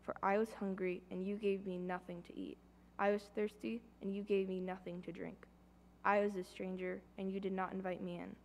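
Woman reading scripture in a flat, gravelly voice. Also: medium pitch, moderate pace, slight background noise. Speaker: scripture reader. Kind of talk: reading scripture aloud in church.

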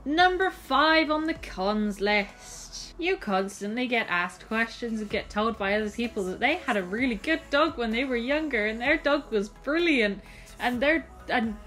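A woman's voice: on the high side, fairly bright tone, low-quality recording. A young woman vlogging to camera in a frank, exasperated way, often restarting her sentences. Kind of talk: casual talk to camera.

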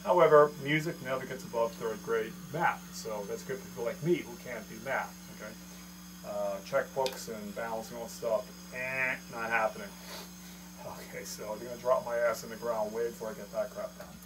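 A man of middle pitch teaches drumming in a loose, joking manner, poking fun at himself as he counts strokes aloud. The recording carries clear noise and a steady mains hum from a drum room. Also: moderate pace. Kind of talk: casual video lesson.

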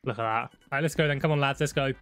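A young man giving excitable, laddish commentary on a road trip game with friends. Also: mid-range voice, rapid-fire, clean tone, no room sound, faint music behind. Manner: excitable, shouts when startled, laddish banter. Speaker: gaming YouTuber. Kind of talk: casual gameplay commentary.

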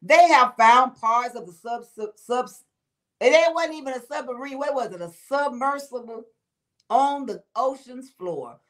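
A high-voiced woman chats on a livestream and answers her viewers. She laughs easily, keeps throwing in exclamations, and talks in an animated, conversational way. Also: measured pace. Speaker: livestream host reading comments. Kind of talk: casual livestream chat.

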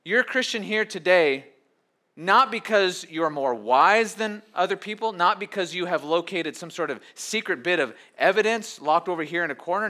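Middle-aged male pastor, bright and slightly high voice, chatty preaching with playful asides. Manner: conversational preaching with quick acted asides. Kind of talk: sermon.

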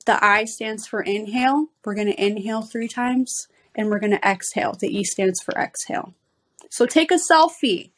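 A woman's voice: mid-range voice, moderate pace, fairly bright tone. A woman parenting coach, a podcast guest, patiently explaining ideas step by step. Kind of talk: podcast interview.

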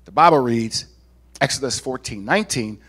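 A male pastor preaching a lively sermon to a congregation, with casual asides and laughs. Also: mid-range voice, normal speed. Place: church sanctuary.

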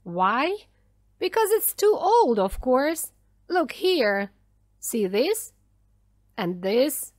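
A woman's voice: a little high, lively intonation, takes it slowly, no echo, clean studio sound. A woman reading a storybook voices an angry, tired and frightened male ship's engineer, raising her voice in exasperation. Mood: exasperated.

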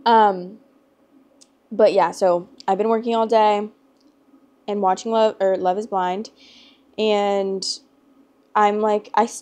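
A young adult woman hosting her storytime channel, talking in a chatty, rambling, emotional way with lots of "like" fillers. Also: medium pitch. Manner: chatty and rambling, heavy use of "like"; emotional and expressive. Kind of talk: casual chat to camera.

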